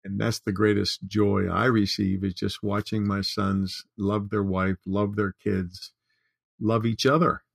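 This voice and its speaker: A man's voice: fairly low pitch, flat delivery, unhurried, creaky, no echo, clean studio sound. An older man talking as a podcast guest, earnest and heartfelt, in casual conversation. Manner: warm-hearted, earnest, tearful at times. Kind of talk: casual chat.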